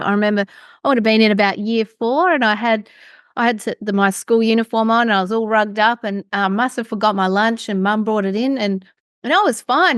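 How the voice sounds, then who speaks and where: A woman's voice: mid-range voice, clear, resonant tone, dry recording, studio quality. A woman hosting a podcast, chatting casually and affirming her guest often. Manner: encouraging, frequent affirming murmurs. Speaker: podcast host.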